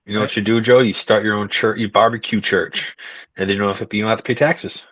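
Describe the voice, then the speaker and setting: A man's voice: lowish voice, fairly even intonation, fast talker, a bit bright, no echo. A man in a casual video-call chat who makes joking asides. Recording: dull lo-fi call audio.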